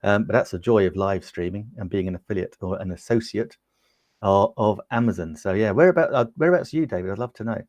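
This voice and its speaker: A man's voice: fairly low pitch, quick pace, darkish tone, no room sound. An English man hosting a livestream, chatting upbeat with viewers and demonstrating a camera, with lots of ums, on a lapel mic in a small home studio. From United Kingdom. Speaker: livestream host demonstrating gear. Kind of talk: casual product demo on a livestream.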